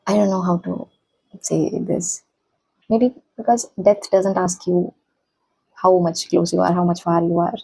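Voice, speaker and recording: A young woman, a college student, talking softly and haltingly in a personal reflective vlog. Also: lowish voice, flat delivery, creaky, slightly rough, poor audio. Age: young adult. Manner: soft-spoken, hesitant, halting.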